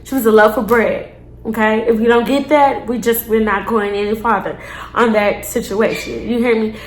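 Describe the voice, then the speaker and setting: A young woman with a slightly high voice tells a story straight to her viewers, animated and blunt. She swears freely and throws in slangy asides. The room gives her voice a noticeable echo. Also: normal speed. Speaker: storytime vlogger. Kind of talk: casual storytime monologue. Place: indoors, seated on a chair.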